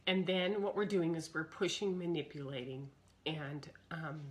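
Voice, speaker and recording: A middle-aged woman with a slightly low voice speaks live to her viewers. She is earnest and searching, and she repeats her key words as she goes. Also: moderate pace. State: coughing fits, throat trouble. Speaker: speaker on personal growth. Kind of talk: live broadcast talk to viewers.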